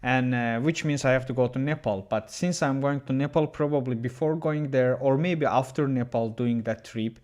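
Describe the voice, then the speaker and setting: Halting male chess streamer. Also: mid-range voice, darkish tone. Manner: halting, with many restarts, chatting with viewers. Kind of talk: casual livestream chat.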